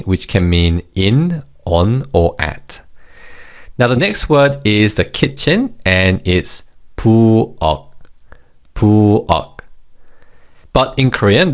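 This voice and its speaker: A man teaching a language lesson in a clear, encouraging way, modelling words for the listener to repeat. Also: on the low side.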